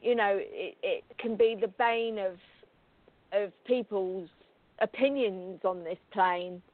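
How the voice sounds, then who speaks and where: A woman's voice: mid-range voice, slow, no echo. A British woman co-hosting a call-in radio show, chatting casually with fillers and restarts. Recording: dry phone-like line.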